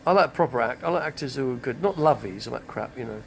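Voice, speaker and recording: Older guy, gravelly voice, rambling live-stream host. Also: mid-range voice, expressive, fast, slight background noise. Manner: chatty, digressive, name-dropping. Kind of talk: rambling casual monologue.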